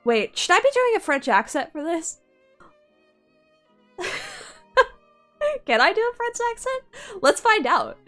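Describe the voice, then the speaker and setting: A woman streamer giving lively, laugh-prone commentary while playing a game live. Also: very high voice, soft background music. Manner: animated, quick to laugh.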